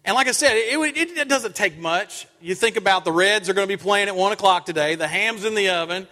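A middle-aged man gives a sermon, telling stories with lively acted-out quotes. His voice sits high and sounds bright and forceful. The church hall adds a long trailing reverb. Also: brisk. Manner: animated storyteller, acts out his own quotes. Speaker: preacher. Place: church sanctuary.

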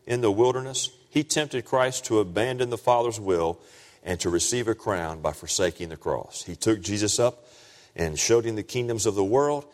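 A man preaching a sermon, dropping low and quiet, then rising loud and high for emphasis. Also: moderate pace. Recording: long reverb of a large hall.

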